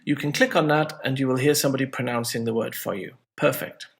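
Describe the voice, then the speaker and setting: Guy teaching english, kinda gravelly voice, chatty and jokey. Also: mid-range voice, steady tone, fast talker. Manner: friendly, chatty, self-mocking asides. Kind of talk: casual video lesson.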